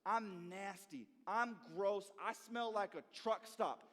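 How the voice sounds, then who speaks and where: A young man who interns at a church, telling a story to a youth group in an animated way and often checking in with "okay?" and "right?". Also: sits high, slow pace. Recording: long reverb in a hall.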